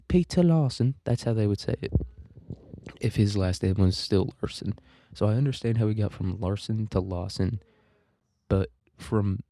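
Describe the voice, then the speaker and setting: A man giving a casual literature lecture in a very dark, mellow voice that sits fairly low. He rambles, jokes crudely and swears freely. The sound is close and dry. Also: no room sound. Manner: rambling, crude and joking, with profanity. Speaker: podcast host teaching literature.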